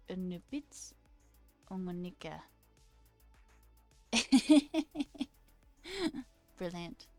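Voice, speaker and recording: A woman's voice: mid-range voice, a little mellow. A woman streamer in a casual, rambling live-stream chat, talking playfully with her viewers and answering their comments.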